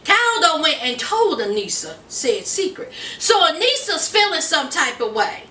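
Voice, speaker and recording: High, bright-voiced woman gossiping through a recap. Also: sing-song, unhurried, a little hiss or hum. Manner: chatty, sassy, calls the listener honey and girl. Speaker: reality TV recap host. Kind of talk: casual gossipy episode recap. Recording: roomy sound, voice from a distance.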